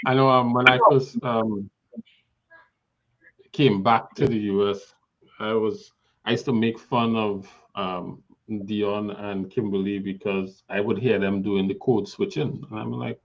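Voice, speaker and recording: A man's voice: lowish voice, fairly even intonation, a little slow. Man chatting in a dull lo-fi recording. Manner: laughs often, mimics people while telling stories. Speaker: discussion panelist. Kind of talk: casual group Bible discussion.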